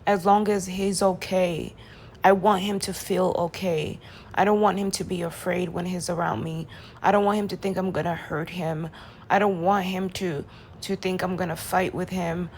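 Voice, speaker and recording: A woman vlogger talking through her feelings in an impassioned personal monologue, swinging from quiet to loud pleading. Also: fairly low pitch, steady tone, moderate pace, slight background noise. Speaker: vlogger reacting to a reading.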